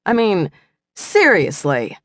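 A sharp-tongued female jackal shifter, put on by a woman reading an audiobook. Her sardonic, snappy lines swing widely in pitch, and the recording is close and dry. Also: very animated, moderate pace, dry recording. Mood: exasperated.

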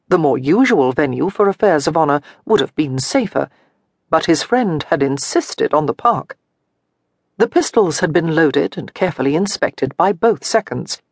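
A woman narrating an audiobook in a measured, expressive storytelling manner. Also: fairly low pitch, breathy edge, no room sound, clean studio sound. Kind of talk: scripted narration.

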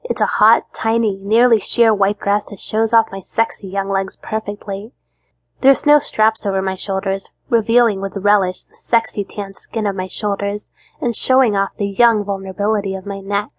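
A woman's voice: medium pitch, steady tone, normal speed, dry recording. A woman reading a first-person audiobook in a petulant, sulky young-adult tone. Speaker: audiobook narrator.

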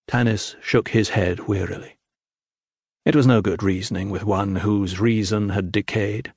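Slow grave guy reading a fantasy audiobook, dry close studio sound. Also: fairly low pitch, fairly even intonation, darkish tone, slightly rough, no echo. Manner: measured, grave storytelling. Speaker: audiobook narrator. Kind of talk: scripted narration.

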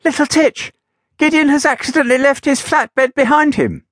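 A man's voice: extremely high pitch, fairly bright tone, dry recording, clean studio sound, pitched above the performer's own voice. A man voicing a tiny, breathless woman who cleans the station, speaking in a hurry in a storybook. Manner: hurried, breathless.

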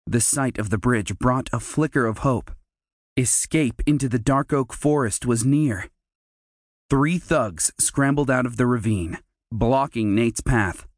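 A man narrating a children's fantasy audiobook in a measured, storytelling manner. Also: medium pitch, no room sound. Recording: dry close studio mic.

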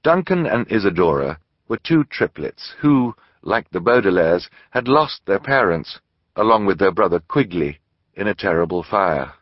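Husky theatrical male storyteller. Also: deep voice, sing-song, normal speed, no room sound, muffled recording. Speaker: audiobook narrator. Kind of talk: scripted narration.

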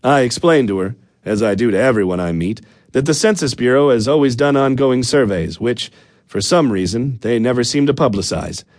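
A man's voice: medium pitch, moderate pace, a little mellow, no room sound, clean studio sound. A man narrating a comic first-person audiobook in a wry, sardonic manner.

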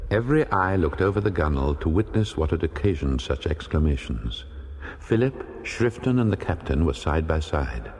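A man narrating a classic sea story in a measured, dramatic storytelling manner. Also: very deep voice, sing-song, a little mellow. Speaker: audiobook narrator. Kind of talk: scripted narration of a classic novel. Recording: long hall reverb.

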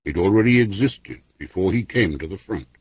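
A man reading a history book aloud as an audiobook narrator, in a measured, formal way with lively emphasis. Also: low-pitched, breathy edge, no room sound. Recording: dry, dull lo-fi studio recording.

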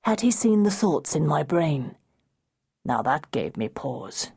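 A woman reading a historical novel aloud in the first person, in a measured, deliberate way. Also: sits low, sing-song, creaky, dark tone, breathy edge. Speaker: audiobook narrator. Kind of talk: first-person audiobook narration.

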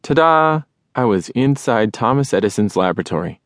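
A man narrates a children's audiobook in a lively first-person storytelling manner. His voice sits somewhat low. The recording is close and dry, with no room sound. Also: moderate pace, no room sound.

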